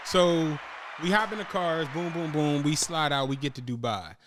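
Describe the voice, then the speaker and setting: A man's voice: a little high, normal speed, a bit bright, slight background noise. A young adult man hosting a podcast, telling a travel story in casual chat, acting out his friends' lines and swearing freely. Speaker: podcast host.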